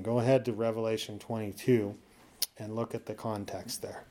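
A man teaching a sermon in a conversational, coaching way, often checking in with "okay?" and slowing down to read scripture aloud. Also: fairly low pitch, fairly even intonation, dark tone.

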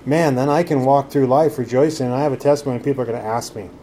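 A man's voice: mid-range voice, steady tone, quick pace, dark tone, a little hiss or hum. A man preaching a sermon in a conversational way, full of rhetorical questions. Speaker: pastor.

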